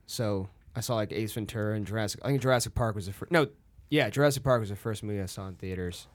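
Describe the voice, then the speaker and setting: A young man, a guest actor, chatting casually on a podcast and telling animated stories in which he acts out other people's voices. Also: on the low side, quick pace.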